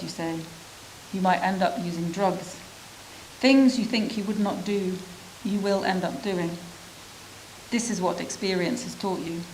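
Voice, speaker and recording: A woman reading a literary prose story aloud at a measured, reflective pace, with pauses between phrases. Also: fairly low pitch, darkish tone, slight background noise, rough recording. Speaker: reader of a refugee's story.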